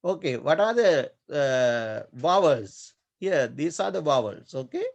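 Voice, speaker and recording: A male monk teaching a grammar class in a slightly raised voice with a gravelly edge. He speaks slowly, repeating each term and stopping often with filler sounds. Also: a little high, very animated, dull audio. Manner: slow, repetitive, hesitant with many fillers. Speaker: Pali teacher, Buddhist monk. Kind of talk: online class lecture.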